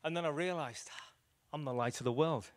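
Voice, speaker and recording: Higher-voiced evangelist preaching. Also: male voice, fairly quick. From Liverpool, England. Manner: animated storyteller acting out dialogue. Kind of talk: storytelling evangelistic sermon. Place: church meeting room with audience.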